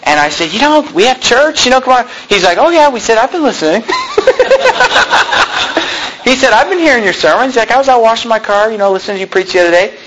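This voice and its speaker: A male pastor preaching a sermon in a loud, yelling style, in a church room with no sound system. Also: very high voice, animated, racing, hardly any pauses, background noise. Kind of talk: fiery sermon.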